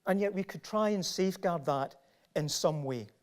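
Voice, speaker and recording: A man's voice: sits high, moderate pace. A middle-aged man with a Glasgow Scottish accent giving a public lecture, emphatic and full of rhetorical questions. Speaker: professor giving a talk.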